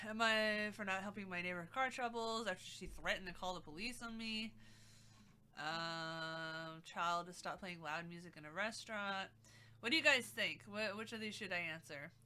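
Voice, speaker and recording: Une femme qui anime un stream en direct et bavarde de façon décousue, avec des remarques sarcastiques. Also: female voice, medium pitch, a little slow, bright, forceful tone, smooth. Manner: rambling, sarcastic asides. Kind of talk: casual live-stream chat.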